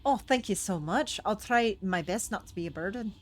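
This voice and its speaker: A woman's voice: mid-range voice, animated, moderate pace, soft background music, close to an everyday voice. A woman voicing an earnest, eager young male dwarf miner who pleads to come along. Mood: pleading.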